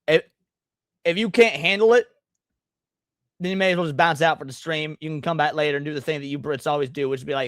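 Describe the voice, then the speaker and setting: An American man hosting a live reaction stream, ranting with sarcasm and plenty of swearing. His voice runs high, and the recording is dry and close, with no room sound. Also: fast talker, pauses often, no room sound. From United States. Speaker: livestream host.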